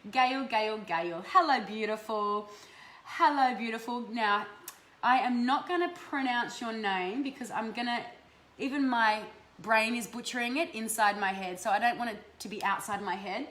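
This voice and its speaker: A woman's voice: fairly high pitch, a bit bright. An Australian woman hosting a live stream of energy readings, casual and affectionate, swearing freely. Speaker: host giving energy readings. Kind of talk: live-stream chat with viewers. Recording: roomy echo, faint background noise.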